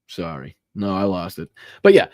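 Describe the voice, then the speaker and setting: A man's voice: low-pitched, wildly swooping pitch, moderate pace, darkish tone, no room sound, clean studio sound. A man ranting on a political live stream, swearing heavily, stressing words and tagging lines with "right?". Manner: heavy swearing, emphatic, repeats 'right?'.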